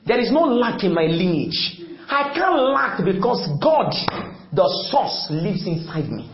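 Man, pastor, emphatic call-and-response sermon, lively pitch, dull lo-fi sound. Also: unhurried. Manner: emphatic, repetitive call-and-response preaching, often shouting. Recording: echoey, dull lo-fi church recording.

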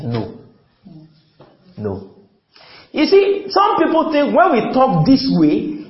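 Lively high-voiced Nigerian preacher. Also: male voice. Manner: animated, call-and-response, sudden shouts. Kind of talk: sermon. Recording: roomy, dull lo-fi sound.

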